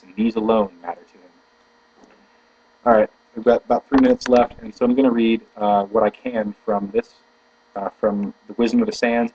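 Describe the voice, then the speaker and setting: A man with a husky, slightly breathy voice reads philosophy aloud with slow, deliberate emphasis, then drifts into halting, searching commentary. The recording is dull and lo-fi, with a faint mains hum under a dry, close sound. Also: fairly low pitch, a little mellow, no room sound. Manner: halting, searching for words mid-sentence; slow, deliberate emphasis when reading passages. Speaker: video blogger reading philosophy aloud. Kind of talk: reading aloud then thinking out loud.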